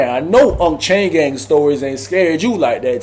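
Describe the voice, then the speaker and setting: A young man telling a prison story in casual storytime style, animated and full of slang, acting out voices and sound effects. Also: a little high, a little slow.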